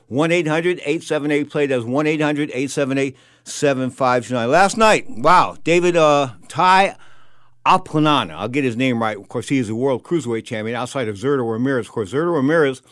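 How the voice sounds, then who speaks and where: A man's voice: fairly high pitch, no echo. A man hosting a live sports talk radio show from a studio, a little out of breath, talking with rambling energy. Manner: energetic, rambling, leans on "of course".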